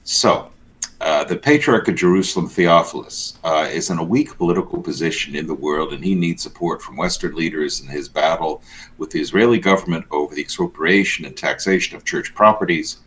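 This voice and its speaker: A man's voice: a bass voice, fairly quick, a bit bright. A man co-hosting a church news show, giving blunt, sardonic commentary in casual banter.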